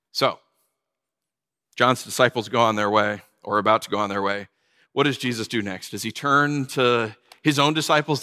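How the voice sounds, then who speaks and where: A man preaching a sermon in a lively, conversational way, acting out the people he talks about. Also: mid-range voice, in a large hall. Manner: animated, conversational preaching with acted-out quotes. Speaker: pastor.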